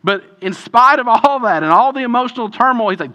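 A man preaching a sermon in a conversational, animated way, often acting out quoted voices. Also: very high-pitched, fairly quick. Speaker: pastor.

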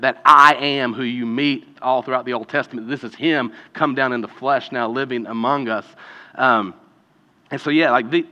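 A pastor with a mid-range, sharp-toned voice preaches a conversational sermon, starting casually and building to emphatic peaks. The recording sounds dull and lo-fi, with long hall reverb.

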